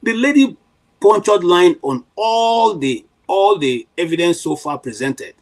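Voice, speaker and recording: A middle-aged Nigerian man speaks with a fairly high voice and plenty of fire. He argues his point emphatically on a panel, often restarting his sentences and filling gaps with "you know". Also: animated, a little slow, poor audio. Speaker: panel commentator. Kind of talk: impassioned political commentary.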